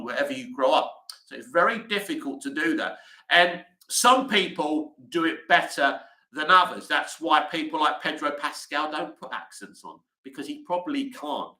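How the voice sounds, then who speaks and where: A man's voice: on the high side, sharp tone, echoey room, rough recording. A man hosting a casual livestream, rambling chattily with lots of "you know" fillers as he answers viewer comments. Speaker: livestream host.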